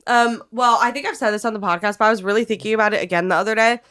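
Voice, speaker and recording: A woman's voice: mid-range voice, fairly even intonation, very fast, fairly bright tone. Young woman, stuffy-nosed podcast co-host. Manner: blunt, swearing, laughs often. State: sick, stuffy nose. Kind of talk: casual chat.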